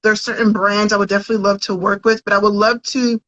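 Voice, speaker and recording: A woman's voice: mid-range voice, level tone, quick pace, fairly bright tone, no room sound. A woman in her thirties, a podcast guest and content creator, chatting earnestly and restarting her sentences. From United States. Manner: earnest, chatty, repeats words as she starts. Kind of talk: casual interview chat. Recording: dry, dull lo-fi audio.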